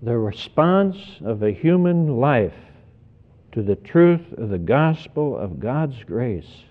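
A man preaching a sermon in an earnest, deliberate way, often repeating words as he stresses each point. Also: medium pitch. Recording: tinny phone-like sermon recording.

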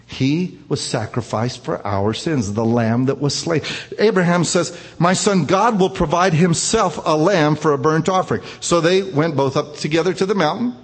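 A man preaches a sermon, retelling a scripture story with emphatic rises and falls. His husky voice is on the high side at normal speed, with long hall reverb.

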